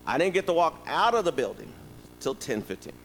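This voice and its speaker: Animated preacher in a reverberant hall. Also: male voice, a little high, a little fast, slight background noise. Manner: animated, conversational, addresses congregation directly. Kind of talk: sermon with storytelling.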